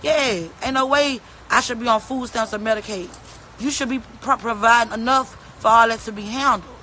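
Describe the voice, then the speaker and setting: A woman's voice: on the high side, normal speed, bright, forceful tone, a little hiss or hum, rough recording. Heated, cursing woman. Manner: blunt, profane, heated. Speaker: mother speaking out on social media. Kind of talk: angry livestream rant.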